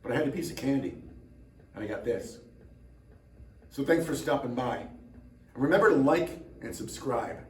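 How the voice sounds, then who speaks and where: A man's voice: mid-range voice, expressive, moderate pace, long pauses, far from the mic. Tired, rambling man in an echoey room. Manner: rambling, self-mocking, dry jokes. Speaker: drummer and channel host. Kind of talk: casual chat to camera.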